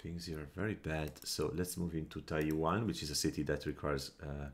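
Deep-voiced male game commentator at his desk mic, musing and tallying out loud, short bursts of frustration. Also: fairly even intonation, slight background noise. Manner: thinks aloud, counts under his breath, quick flashes of annoyance. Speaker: gameplay commentator. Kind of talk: casual strategy game commentary.

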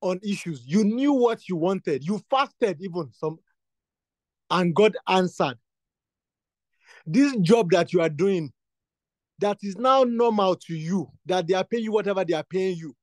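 Leading a prayer session, a man preaches and prays in an insistent, repetitive style that swells into fervent outbursts. His high-pitched voice has lively intonation and a slightly slow pace, with no room sound.

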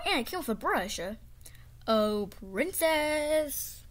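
A woman voicing a cheerful, thoughtless clay boy in a home toy play-acting video, with stammering, excited baby talk. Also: high-pitched, slow, a little hiss or hum, pitched above the performer's own voice. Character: cheerful clay boy, carefree and thoughtless toward his friend.

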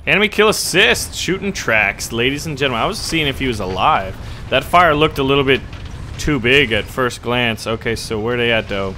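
A man giving casual gameplay commentary on a tank game, excitable and quick to burst into loud cursing. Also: medium pitch, slight background noise.

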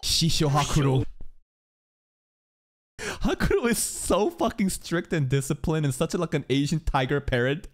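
A man reacting live to an anime episode, ranting excitedly with profanity and sudden shouts. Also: fairly high pitch, normal speed. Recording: anime soundtrack playing loudly behind. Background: anime episode audio and music playing.

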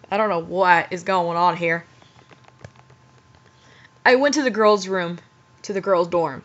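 A woman's voice: medium pitch, fairly even intonation, a little slow, a bit bright. A woman reading bad fanfiction aloud and breaking off for incredulous, exasperated commentary. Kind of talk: dramatic reading with mocking commentary. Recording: muffled lo-fi recording.

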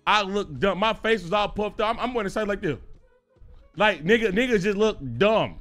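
A young man streaming, telling a story in an animated, profane, excitable way. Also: high voice, a little fast, faint music behind. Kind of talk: casual livestream story time.

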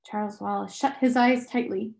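A woman reading a novel aloud slowly and carefully. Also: mid-range voice, fairly even intonation, gravelly, a little mellow. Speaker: audiobook reader.

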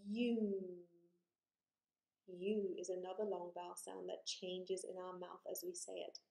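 A woman teaching a phonics lesson to young children, drawing out vowel sounds slowly and praising often. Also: on the low side, completely flat delivery, gravelly, dark tone. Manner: slow, encouraging, exaggerated vowel sounds. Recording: echoey room.

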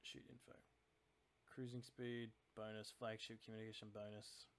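A man's voice: on the low side, level tone, moderate pace. A man hosting his channel, giving casual let's-play commentary and thinking aloud about tactics in a chatty, analytical way. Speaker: channel host playing a naval strategy game.

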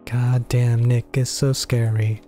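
A man's voice: mid-range voice, little pitch movement, slow pace, dark tone, soft background music. A young man commentating a game as a let's play, joking and swearing in mock horror as he reads the game's text aloud. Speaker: gaming YouTuber.

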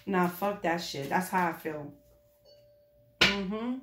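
A woman doing a casual tarot reading for her viewers, blunt, profane and animated. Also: lowish voice, slow pace, background noise. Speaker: tarot reader. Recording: echoey room.

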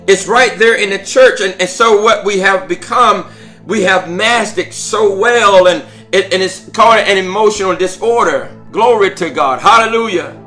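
High, bright-voiced fervent male preacher. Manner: fervent, repetitive, with many stammered restarts; interjects "glory to God" and "hallelujah". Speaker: prayer call leader. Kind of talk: prophetic prayer-call preaching.

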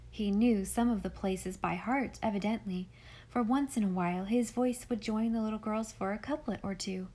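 A woman reading a classic children's novel aloud as narrator, steady and storytelling. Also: mid-range voice. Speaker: audiobook narrator. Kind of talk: scripted narration.

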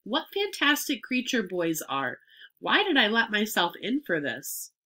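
A woman's voice: medium pitch, very animated, unhurried, pushed and bright, exaggerated voice. A woman doing a grumpy sarcastic rat. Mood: grumbling. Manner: sarcastic, complaining. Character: grumpy selfish male rat.

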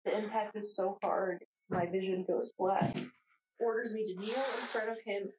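A young woman acting a shaken narrator in a dramatic monologue, speaking slowly and haltingly with long pauses. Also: medium pitch, steady tone, close to an everyday voice. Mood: haunted. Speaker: narrator recounting her own ordeal. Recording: distant mic with faint noise.

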